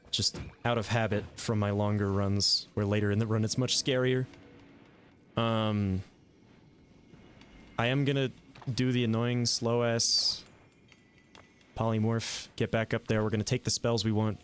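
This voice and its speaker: A man giving live gameplay commentary, thinking aloud in a relaxed way with some mild swearing. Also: on the low side, a little slow, long pauses, soft background music. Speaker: game streamer.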